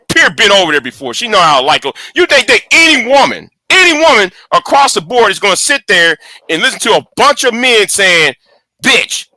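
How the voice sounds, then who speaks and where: Male host, high lively pitch, close dry sound, angry profane rant with many restarts. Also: no echo. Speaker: channel host. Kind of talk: casual livestream rant.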